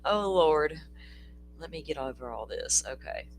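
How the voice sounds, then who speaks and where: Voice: mid-range voice, big pitch swings, a little slow, vocal fry, slight background noise. A livestream host, chatting casually and rambling through a true-crime stream, laughing often and swearing freely, sounding tired. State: tired, yawning.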